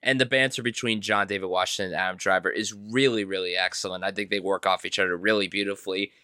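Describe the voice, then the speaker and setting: A man appearing as a guest on a film podcast, his voice bright and forceful. He is recorded dry and close, with no room sound, and talks eagerly in a laid-back way. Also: low-pitched, fairly even intonation, quick pace, clean tone, dry recording. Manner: enthusiastic, casual, says "dude" and "you know". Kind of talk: casual film podcast chat.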